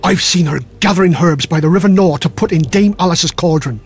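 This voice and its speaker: A man's voice: a little high, a little fast, breathy edge, faint music behind. A man voicing a blunt, gossiping village man who tells things insistently.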